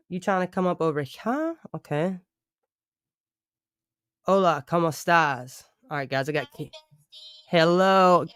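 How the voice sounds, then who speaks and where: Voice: mid-range voice, moderate pace, a bit bright, clear, resonant tone, no echo, studio quality. A livestreamer chatting casually with viewers, rambling and thanking them often.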